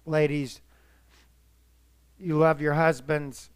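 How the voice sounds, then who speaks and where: A male pastor preaching an earnest, emotional sermon, his voice swelling and dropping in volume and slowing to stress words. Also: fairly high pitch, level tone, clear, resonant tone, no room sound.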